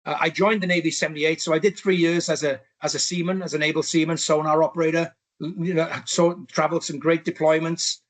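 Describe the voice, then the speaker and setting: A man's voice: on the high side, flat delivery, brisk, hardly any pauses. A Welsh man in his sixties, a podcast guest telling his life story in a rambling way, full of restarts and asides. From Wales. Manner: rambling, many restarts and "you know".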